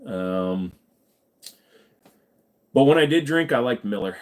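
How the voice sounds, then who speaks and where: A man's voice: medium pitch, normal speed, pauses often. A man hosting a live stream, chatting casually with viewers in a rambling, joking and profane way.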